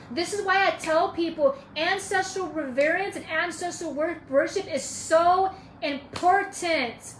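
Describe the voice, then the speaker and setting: A high-voiced woman talks straight to her viewers in a casual live stream, emphatic and a little preachy, circling back to the same points. The room is echoey with a faint hiss behind her. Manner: emphatic, preachy, repeats herself. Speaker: spiritual teacher.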